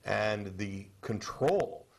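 A man co-hosting a studio panel discussion on a cable TV show, speaking in a measured, halting way with many fillers and restarts. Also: lowish voice, lively intonation, vocal fry, slight background noise. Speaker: TV show co-host.

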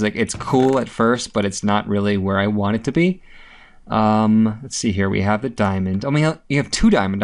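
A man with a fairly low voice talks casually through his gameplay. He rambles from one task to the next, with filler ums and a loose, profane tongue. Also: slight background noise. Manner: chatty, rambling, with frequent swearing and filler ums. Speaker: gameplay video host.

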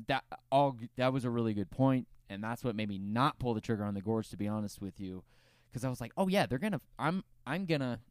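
A man's voice: fairly low pitch, steady tone, fast talker, smooth, no echo, studio quality. A man co-hosting a casual podcast, upbeat and jokey, quizzing his co-host. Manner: upbeat, jokey, asks questions.

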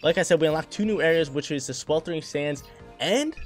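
A young man giving casual, excitable gameplay commentary full of slang, talking to the creatures on screen. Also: fairly high pitch, fairly quick, faint music behind. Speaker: gaming channel host.

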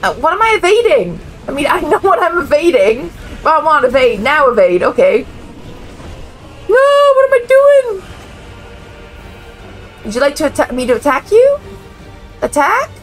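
A woman hosting a casual game reaction video, chatty and excitable, laughing often. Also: sits high, fairly quick, few pauses, soft background music. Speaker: gaming channel host.

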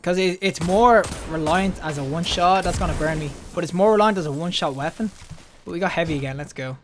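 Young male gamer, high-pitched and excitable, live play commentary, faint background noise. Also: fast talker. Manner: excitable, yelps and laughs at deaths. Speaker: gaming YouTuber.

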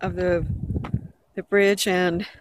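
A woman's voice: on the low side, flat delivery, slow pace. Breathless woman vlogging on a walk. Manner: chatty, rambling, self-correcting. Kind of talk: casual vlog narration while walking. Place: outdoors in a park by a river bridge. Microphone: handheld camera. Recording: noisy outdoor camera audio.

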